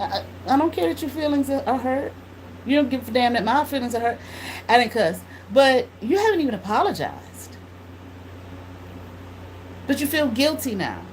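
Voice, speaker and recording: A woman tarot reader telling a blunt, animated story in casual speech, swearing freely. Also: a little high, a little hiss or hum, rough recording.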